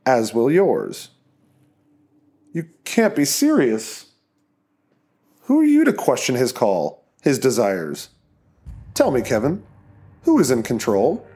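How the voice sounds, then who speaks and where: A man with a mid-range voice plays a calm, menacing cult leader in an audiobook. His delivery is slow and soothing, yet coldly controlled.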